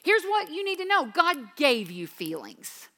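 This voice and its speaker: Woman, 50s, high bright voice, earnest devotional teacher, reverberant hall. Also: huge pitch swings, measured pace. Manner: earnest, emphatic, swings from quiet to intense. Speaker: Bible teacher.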